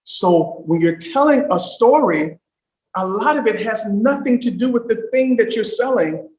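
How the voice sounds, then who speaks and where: A man giving an emphatic livestream talk as a storytelling coach, swinging from loud bursts to hushed asides. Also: high-pitched, lively intonation, measured pace, echoey room, low-quality recording.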